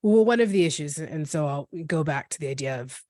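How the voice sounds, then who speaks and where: A woman in her forties recounts her experience as a podcast guest. Her voice sits low, and the recording is dry and close. She speaks earnestly and thoughtfully, often pausing and restarting mid-sentence. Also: lively intonation, warm tone, dry recording. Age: 40s. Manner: earnest, reflective, halting with many restarts. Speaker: guest, NICU parent. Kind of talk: personal storytelling in a podcast interview.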